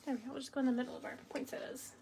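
A young woman talks in a wry, matter-of-fact way while she crafts beside her co-host. Her voice is high. Clear background noise sits under it. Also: level tone, rapid-fire. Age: young adult. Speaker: co-host, daughter. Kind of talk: casual live-stream chat while crafting.

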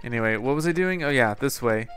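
A man's voice: medium pitch, lively intonation, quick pace. Playful man commenting on gameplay. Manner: playful, jokey, self-mocking asides. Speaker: gaming channel host. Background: faint game music.

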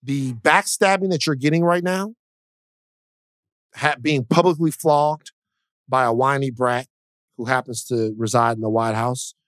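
A man's voice: medium pitch, a little slow, long pauses, a bit bright, no room sound, clean studio sound. Emphatic man co-hosting a podcast. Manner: emphatic, preacher-like building cadence. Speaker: podcast co-host. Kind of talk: casual podcast chat.

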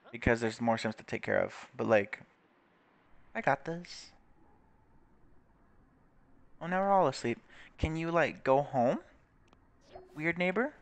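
A man's voice: mid-range voice, vocal fry. Young guy doing chatty game commentary, voice jumps all over, swears a lot, pretty blunt. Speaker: gaming channel host. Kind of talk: casual gameplay commentary.

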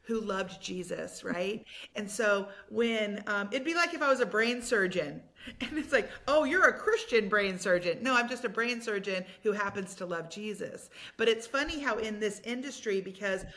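A woman guest on a faith-based podcast, telling stories in an animated, effusive way. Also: medium pitch, moderate pace. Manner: animated storyteller, effusive and enthusiastic. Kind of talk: casual chat.

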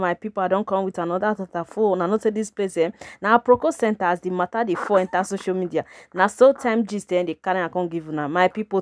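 With a Nigerian Pidgin English accent, a woman hosts a celebrity gossip channel, chatting casually and calling out to her viewers again and again. Her medium-pitched voice comes through in studio quality with no room sound.

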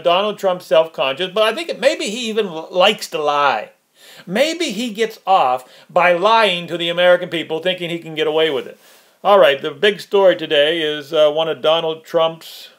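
A man with a somewhat high-pitched voice delivers a sarcastic political rant straight to the camera. His talk is mocking and loose, and he often speeds up as he gets worked up. He laughs at his own jabs. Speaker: political commentary vlogger. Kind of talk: ranting political commentary.

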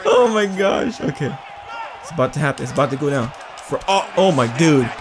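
Excitable high-voiced male gamer. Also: a little fast, music in the background. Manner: excitable, yelps and laughs, trash-talks the opponent. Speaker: gamer playing a fight game. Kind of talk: excited let's-play reactions. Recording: game arena crowd noise behind. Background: video game crowd noise.

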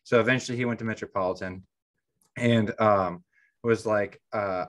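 Podcast guy with a lowish voice, rambly storytelling, lots of ums and uhs. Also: steady tone, moderate pace. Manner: rambling, heavy on fillers and restarts. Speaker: podcast co-host. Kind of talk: casual storytelling.

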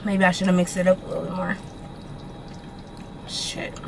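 A young woman vlogging from her car, chatting to her viewers in an animated, slangy way and swearing casually. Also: fairly low pitch, moderate pace, vocal fry, background noise. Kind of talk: casual chat to camera.

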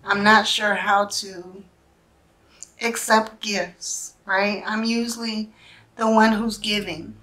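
A woman doing a spiritual tarot reading, speaking earnestly and emotionally in short halting phrases, often checking in with "right?". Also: medium pitch, flat delivery, pushed and bright. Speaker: tarot reader.

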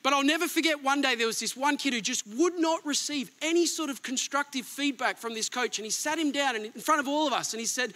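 A middle-aged pastor preaching a sermon with emphatic swings between near-shouts and soft asides. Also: male voice, extremely high pitch, fast, few pauses.

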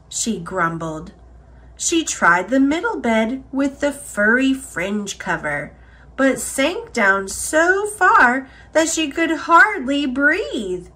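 A woman reading a children's picture book aloud, expressive and unhurried. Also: sits high. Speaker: storyteller.

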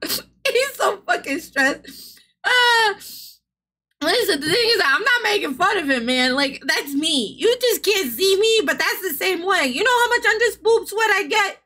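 Giggly bright-voiced woman streamer. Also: extremely high pitch, animated, normal speed. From American South. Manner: giggly, loud, swears freely. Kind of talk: casual live-stream chat.

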